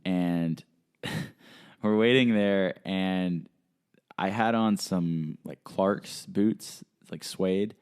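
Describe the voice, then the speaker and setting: Young male podcast host, very low voice, animated casual storyteller. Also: extremely slow, clean tone. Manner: animated storyteller who acts out quotes in a higher voice.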